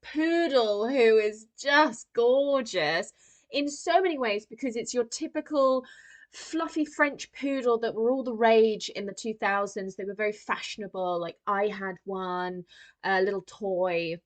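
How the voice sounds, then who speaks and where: Young woman, podcast co-host, bubbly, laughs a lot, slightly high voice. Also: a little slow. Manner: bubbly, laughs often, acts out quotes. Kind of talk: casual film chat.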